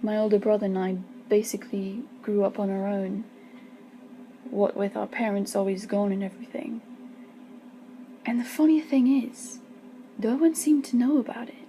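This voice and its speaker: A bitter, lonely young servant who speaks in low, resigned tones, as a woman reading a story puts him on. The voice is dark and mellow, with faint noise behind it. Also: steady tone, normal speed, pauses often, natural voice, low-quality recording.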